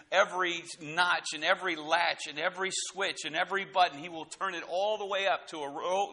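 A man's voice: a little high, bright, forceful tone. A man preaching a sermon, reading scripture aloud and asking rhetorical questions. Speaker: pastor.

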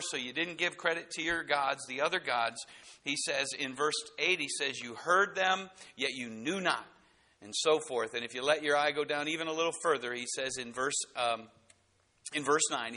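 Bright-voiced man preaching. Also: a little high, normal speed. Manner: expository preaching, reads scripture aloud, rhetorical questions. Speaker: pastor. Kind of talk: sermon.

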